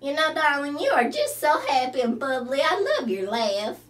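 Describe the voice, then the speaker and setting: A woman's voice: sits high, very animated, moderate pace, recorded from a distance. A woman voicing a flamboyant Southern belle who calls everyone darling. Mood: gushing.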